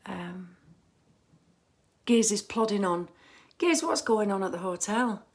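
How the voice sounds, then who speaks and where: A woman's voice: mid-range voice, lively intonation, slow pace, darkish tone. A woman hosting a casual fan livestream from home on her phone camera, chatty and rambling with lots of ums and restarts.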